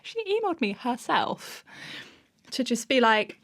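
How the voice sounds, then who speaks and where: Lively woman telling a story. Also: fairly high pitch, measured pace. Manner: animated storytelling, bursts of laughter. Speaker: podcast guest. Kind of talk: casual interview chat.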